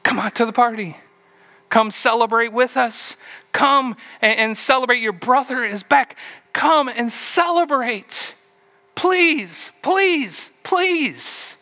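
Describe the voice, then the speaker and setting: A man's voice: extremely high pitch, measured pace, pushed and bright, pitched above the performer's own voice, heavily acted. A man voicing a father who begs his angry son, repeating each plea. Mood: pleading.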